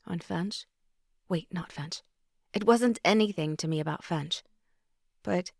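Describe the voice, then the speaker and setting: Woman, audiobook narrator, low voice, intimate, half-whispered asides, dry close sound. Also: dry recording. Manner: intimate, sometimes drops to a whisper. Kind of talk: first-person audiobook narration.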